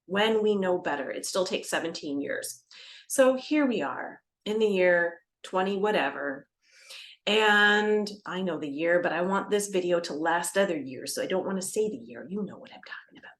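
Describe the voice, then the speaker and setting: A doula educator explains birth practice to camera in a lively, expressive way, acting out scenes with gasps and then dropping into a soft, calming voice. Her voice is lowish and her pace moderate.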